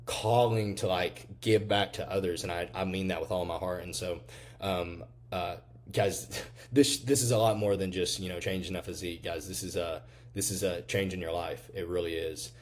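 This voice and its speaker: A man's voice: sits low, steady tone, moderate pace, slight background noise. A man in his twenties, a physique coach, speaking casually and earnestly to camera, full of "you know" fillers and swearing, turning into fired-up motivational urging. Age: 20s.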